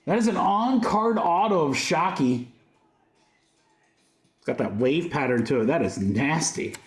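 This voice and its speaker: A man's voice: fairly high pitch, expressive, unhurried. A man hosting a livestream card break, calling out each card with upbeat, joking patter. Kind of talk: live card-break commentary. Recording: roomy echo.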